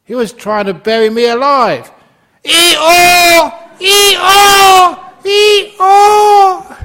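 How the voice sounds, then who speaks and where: A man voicing a frightened male donkey stuck in a well, with loud braying cries. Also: extremely high pitch, very slow, some chatter behind, pitched above the performer's own voice, heavily acted. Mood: panicked.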